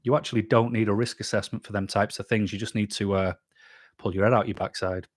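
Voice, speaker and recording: A man's voice: fairly low pitch, fairly even intonation, fast talker, dry recording, clean studio sound. A man hosting a casual live stream, reading out chat comments and answering them bluntly. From England. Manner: blunt, chatty, reads comments aloud then answers. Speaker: YouTube channel host reading live chat.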